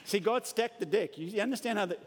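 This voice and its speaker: A man preaching a sermon to a congregation in an emphatic, animated way. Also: high voice, a little fast, slight background noise. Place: church hall with an audience. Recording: long hall reverb.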